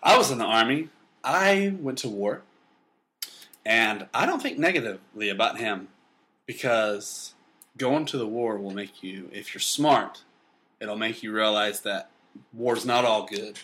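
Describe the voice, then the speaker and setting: A young man co-hosting a casual podcast, joking and swearing freely with loud outbursts. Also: lowish voice, lively intonation, measured pace. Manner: profane, jokey, loud outbursts. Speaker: podcast co-host.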